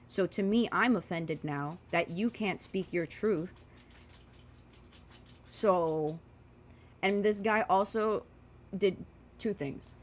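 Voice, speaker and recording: Speaking slowly in a mid-range voice with long pauses, a woman vlogger in her twenties rants while applying makeup. Her talk is rambling and profane, full of filler words.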